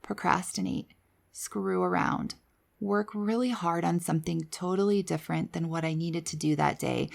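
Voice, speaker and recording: A woman hosting a podcast, telling her personal story in a candid, conversational way with quiet asides. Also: on the low side, gravelly. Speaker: podcast host.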